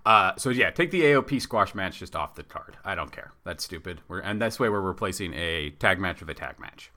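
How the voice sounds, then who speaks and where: A man co-hosting a casual wrestling chat, rambling and animated as he pitches ideas. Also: brisk. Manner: rambling, animated, acts out bits in silly voices. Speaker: podcast co-host.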